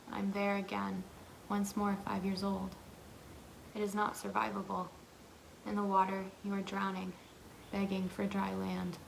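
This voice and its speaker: A woman reads literary prose in a soft, hushed, breathy voice. Her pitch stays almost completely flat, with a creaky fry underneath. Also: slight background noise, rough recording.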